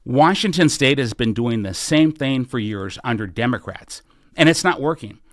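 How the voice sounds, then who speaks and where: A man's voice: medium pitch, animated, normal speed, dry recording, studio quality. A middle-aged American man hosting a live podcast Q&A, urging his listeners on with fervent, repeated calls to action. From United States. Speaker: podcast host and political candidate. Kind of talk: live podcast Q&A, rallying appeal.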